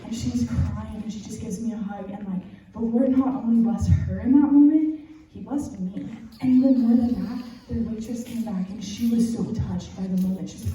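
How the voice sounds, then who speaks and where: A woman's voice: a little high, moderate pace, warm tone, slight background noise. A young woman from Texas with a Texan accent gives a youth-group sermon, telling a personal story in an earnest, candid, chatty way. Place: church youth room, recorded from a distance. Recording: echoey room heard from far off.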